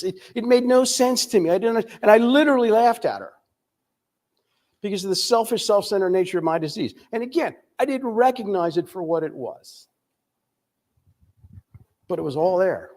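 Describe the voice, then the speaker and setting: An older man from the United States giving a candid recovery testimony, telling his story with frequent pauses and fillers. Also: high-pitched, lively intonation, a little mellow. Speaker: recovery speaker.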